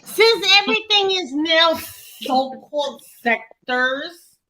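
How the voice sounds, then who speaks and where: A woman's voice: extremely high pitch, lively intonation, slow pace, sharp tone, low-quality recording. A woman chiming in with playful teasing during a casual gossip chat.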